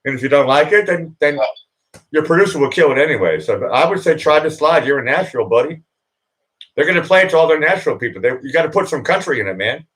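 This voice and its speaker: A man with a slightly high voice hosting a casual livestream. He talks bluntly and pushes his points, repeating words to drive them home. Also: animated, fast, fairly bright tone, rough recording. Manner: blunt, insistent, repeats himself. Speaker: livestream host. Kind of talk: casual live chat.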